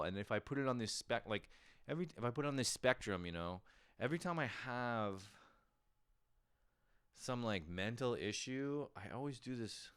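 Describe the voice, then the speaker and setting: A man's voice: mid-range voice, animated, normal speed, a bit bright, clean tone. A man hosting a casual comedic monologue from home, rambling, self-mocking and swearing freely. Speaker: podcast host.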